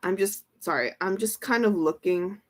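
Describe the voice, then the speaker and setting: Speaking at a normal speed in a mid-range voice, a woman reads cards live for her stream in a casual way. She's excitable, full of exclamations, and repeats herself as she goes.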